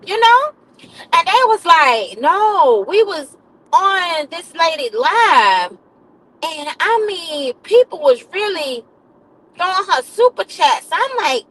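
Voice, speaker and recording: A woman's voice: very high-pitched, sing-song, slow, fairly bright tone, low-quality recording. A woman live streamer, a nurse, telling a comic story to her chat in a dramatic, repetitive way, calling listeners baby and honey.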